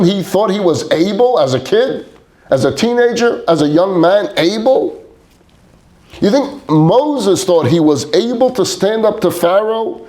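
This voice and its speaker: A man acting out a stern, wounded father who presses his son with question after question, his voice climbing as he pleads. The tone stays mellow and warm even at its most fervent. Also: sits low, creaky, voice pushed down. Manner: impassioned rhetorical questioning.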